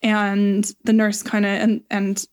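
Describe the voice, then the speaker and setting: On a podcast, a woman walks through the plot of a play in casual conversation, laughing and rewording lines irreverently. Her medium-pitched voice is smooth and monotone, and she takes her time.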